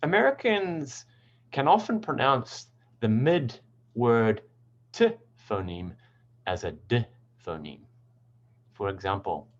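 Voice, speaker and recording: Lively-voiced male English teacher. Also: fairly low pitch, lo-fi sound. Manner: patient, explains step by step. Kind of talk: explanatory lesson.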